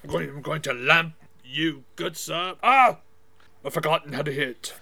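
A man doing quick-witted, incredulous improv comedy. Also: fairly high pitch, steady tone, gravelly, bright, forceful tone, husky.

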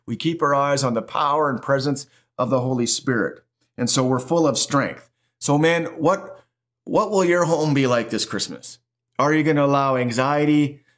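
A middle-aged man preaching a sermon as pastor, emphatic and animated, with lots of repetition. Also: mid-range voice, moderate pace.

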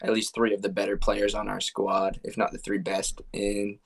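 A man's voice: lowish voice, monotone, normal speed, vocal fry. A man co-hosting a podcast, telling stories in an easygoing, reflective way. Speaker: podcast co-host. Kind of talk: casual chat.

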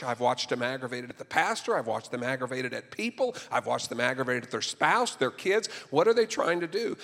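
A male pastor delivers a sermon, swinging from conversational asides to impassioned, near-shouted declarations. His voice sits a bit high for a man. Long reverb from the sanctuary trails after each phrase. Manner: impassioned, rising to near-shouting, with stumbles and restarts.

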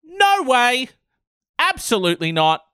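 A man's voice: extremely high pitch, huge pitch swings, unhurried, bright, forceful tone, smooth, no echo, clean studio sound, pitched above the performer's own voice, full character voice. A man mockingly voicing a pompous, self-righteous woman who owns a cinema, declaiming her beliefs. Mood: haughty.

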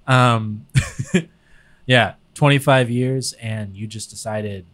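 A man's voice: medium pitch, steady tone, unhurried, a bit bright. A man co-hosting an improv comedy game, teasing in a playful, mock-harsh way. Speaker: co-host.

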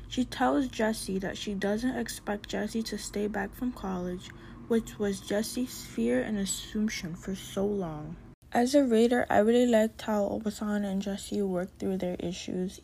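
A woman with a mellow, warm tone reads through a prepared student presentation. Her delivery is earnest and steady, loosening now and then into a casual filler. Her pitch sits in an ordinary middle range. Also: breathy edge. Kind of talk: reading a prepared literature presentation.

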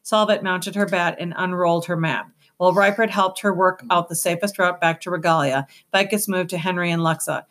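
A woman giving a measured, steady scripted narration of an audiobook. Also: fairly low pitch.

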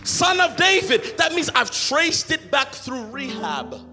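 A young adult man preaching an energetic sermon, rising to shouted, half-sung exhortation. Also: extremely high pitch, slow pace. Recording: music playing behind.

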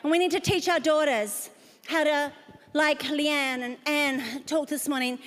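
High-voiced New woman preaching. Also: a bit bright. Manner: emphatic preaching with call-outs to the audience. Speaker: pastor. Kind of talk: sermon. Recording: long reverb of a large hall.

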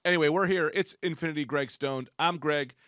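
A man hosting a casual podcast, a little stoned, launching into rambling, excitable comic rants. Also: a little high, fairly quick, no echo, studio quality. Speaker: podcast host.

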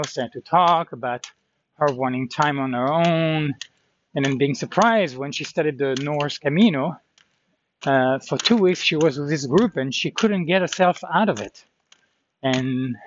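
A slightly higher-voiced man rambles through a spoken travel diary, pausing often to think aloud and filling the gaps as he goes. He is outdoors near a road, and the recording sounds dull and lo-fi. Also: slight background noise. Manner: reflective, thinking aloud with many fillers. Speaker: pilgrim vlogger.

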